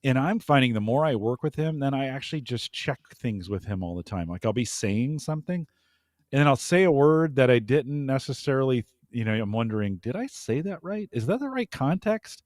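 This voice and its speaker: A man from the United States co-hosting a podcast in casual chat, reflective and quick to laugh, often questioning himself. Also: mid-range voice, lively intonation, darkish tone, dry recording, studio quality. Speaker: podcast host.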